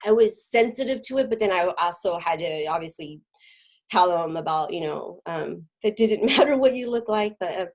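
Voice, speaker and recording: A middle-aged woman speaks as a guest, recounting her own experience in a halting way. She fills gaps with ums and restarts her sentences, and her voice sinks almost to a whisper at the hardest parts. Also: lowish voice, animated, poor audio. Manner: halting, many fillers and restarts, drops to a near whisper at hard moments. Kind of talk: personal testimony in an interview.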